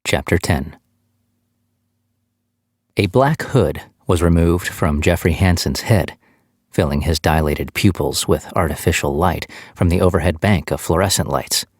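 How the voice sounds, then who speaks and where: Male audiobook narrator, low voice, steady measured read, dry close mic. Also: no echo.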